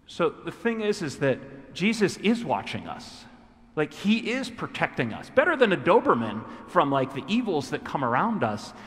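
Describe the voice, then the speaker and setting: A man's voice: on the high side, a bit bright. A priest giving a homily in a loose, conversational way with fillers, growing fervent as he stresses his points. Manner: conversational, many fillers, building to fervent emphasis. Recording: church reverb, long echo.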